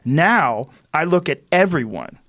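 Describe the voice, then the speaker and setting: A man's voice: on the high side, very animated, a little slow, a bit bright, dry recording, clean studio sound. A middle-aged man hosting a podcast, telling a story casually and profanely, acting out what people said. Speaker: podcast host.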